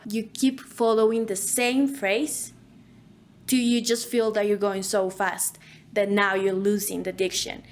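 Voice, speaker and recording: A woman leads an online voice acting lesson at a medium pitch. She explains the drills in an instructive way and repeats practice phrases herself. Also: level tone, measured pace. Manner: instructive, demonstrates diction drills at varying speeds.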